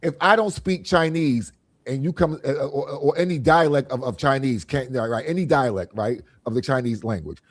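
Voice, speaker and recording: On a casual group talk show, a medium-pitched man hosting the podcast talks at a normal speed, laughing frequently as he acts out quoted voices, draws analogies, and repeats phrases in his vivid storytelling.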